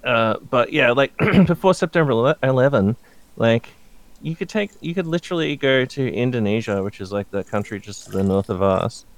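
A man's voice: medium pitch, expressive, moderate pace. A man on a podcast, rambling through a story with plenty of swearing. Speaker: podcast co-host. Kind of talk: casual chat.

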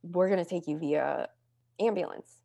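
A young adult woman telling her own story in casual talk, with deadpan jokes and lively acted-out quotes. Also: moderate pace, vocal fry, dry recording. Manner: deadpan humor, acts out quotes with lively pitch jumps.

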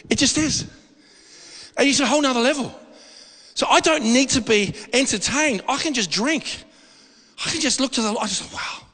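A man preaching a sermon in a church hall, animated and jokey, asking the congregation questions. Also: very high voice, unhurried, pauses often, slightly rough. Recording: long hall reverb.

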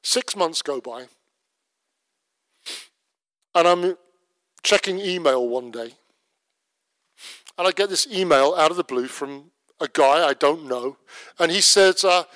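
A man preaching a sermon, telling a story in a lively way and slowing to a soft voice when he prays. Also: on the high side, no echo. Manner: lively storyteller who drops to a soft, slow voice for prayer.

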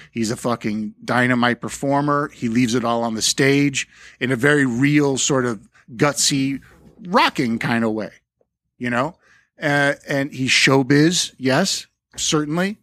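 A man's voice: medium pitch, fairly bright tone, no room sound, studio quality. A man co-hosting a podcast, chatting casually about music in a rambling, profane way, full of fillers and restarts. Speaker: podcast co-host.

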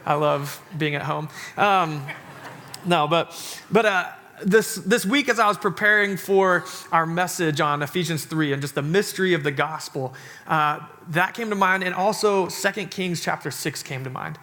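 A man in his thirties preaches to his congregation in a church, loose and joking and full of "like" fillers. His voice sits a little high and rings bright and forceful. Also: normal speed. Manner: chatty, joking sermon delivery with many "like" fillers. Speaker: pastor. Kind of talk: sermon. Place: church sanctuary.

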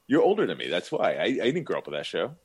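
Brief: younger male podcast co-host, lowish voice, animated pitch, hesitant defensive replies. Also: fast, breathy edge. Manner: defensive, hesitant with stammered restarts. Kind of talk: casual banter.

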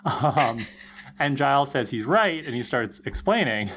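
A man co-hosting a casual TV recap chat, animated and laughing as he talks. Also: medium pitch, a little slow, a little hiss or hum. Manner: animated, laughing, quoting characters. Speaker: podcast co-host.

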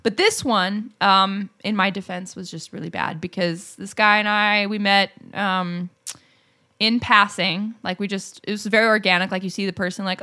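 Bright-voiced woman telling stories. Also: medium pitch, normal speed. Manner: animated storyteller, laughs often, swears freely. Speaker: podcast co-host. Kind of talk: casual chat.

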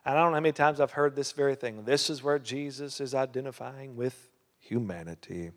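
A man's voice: medium pitch, brisk, long reverb tail. A man preaching a sermon as a pastor, emphatic, with many rhetorical questions. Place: church hall.

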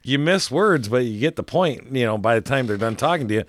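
A man's voice: mid-range voice, animated, brisk. A man hosting a podcast in casual chat, rambling and laughing often as he talks.

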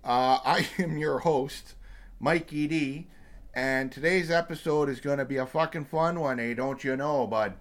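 A man's voice: fairly high pitch, steady tone, measured pace, close to an everyday voice. A man in his thirties putting on an exaggerated cartoon Canadian voice, folksy and chummy, tagging his lines with "eh" and "bud". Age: 30s.

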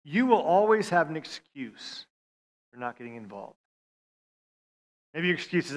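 A man preaching a sermon, stammering on restarts and swinging from loud appeals to hushed lines. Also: on the high side, very animated, unhurried. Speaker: pastor.

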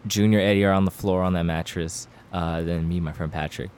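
A man's voice: low-pitched, steady tone, a little fast, a little mellow, clear, resonant tone. A man casually telling crude, slangy stories among friends on a podcast, laughing between lines. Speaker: podcast storyteller.

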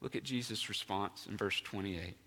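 A man's voice: lowish voice, moderate pace, bright, forceful tone, in a large hall. A male pastor preaching a sermon in a church, emphatic and asking his congregation questions. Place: church sanctuary.

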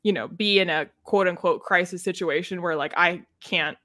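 A woman's voice: on the low side, normal speed, pushed and bright, dry recording, studio quality. A young woman co-hosting a podcast, chatting casually about books, laughing often and filling her talk with "like". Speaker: podcast co-host. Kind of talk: casual book discussion chat.

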